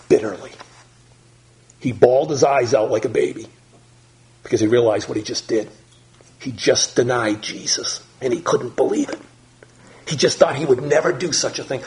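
A male pastor preaching a sermon in an animated, emphatic manner, dropping low and soft for prayer.

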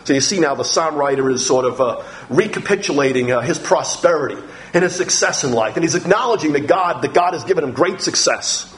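An animated male preacher teaching from the Psalms, his voice sitting a little high for a man. His pitch swings widely as he talks straight to his listeners and thinks aloud, then he slows to read scripture line by line with weight. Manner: animated, reads scripture slowly and emphatically. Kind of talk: sermon teaching through the Psalms.

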